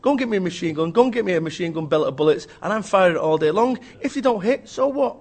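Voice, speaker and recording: A man's voice: high-pitched, lively intonation, quick pace, a little mellow. A man, an author and business speaker, giving a blunt, emphatic, joking rant in an interview.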